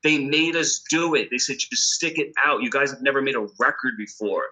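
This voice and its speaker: A rock guitarist from the United States, speaking with a New York accent, tells a studio story as a guest in a casual interview. His mid-range voice is fairly quick, bright and forceful on a rough recording. He's emphatic and profane, acting out the exchanges he quotes.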